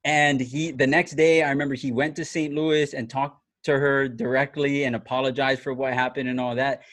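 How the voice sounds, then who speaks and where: A man tells a long story in relaxed chat, his voice animated and often breaking into laughter. He restarts his sentences and leans on fillers. The sound is dry and close, with no room echo. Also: mid-range voice, moderate pace. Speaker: former TV reporter telling a story.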